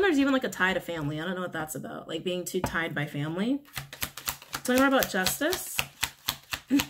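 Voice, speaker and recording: A woman giving a casual tarot reading in a blunt, frank manner, cursing freely when annoyed. She repeats her key phrases over and over and often stops to clear her throat. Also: medium pitch, fairly bright tone, a little hiss or hum. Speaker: tarot reader.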